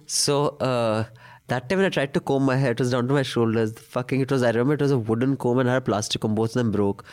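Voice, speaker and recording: Indian male podcast host, medium pitch, casual and cheeky, drops Hindi words. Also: fast talker, a little mellow. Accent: Indian English. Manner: irreverent, swears, mixes Hindi phrases. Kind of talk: casual banter and reading listener mail.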